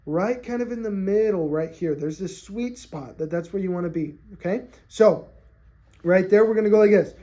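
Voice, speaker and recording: Speaking at normal speed with a mellow, medium-pitched voice, this instructor runs an on-camera ukulele lesson. Warm and patient, they check in with "okay?" almost constantly and count beats out loud as the ukulele strums.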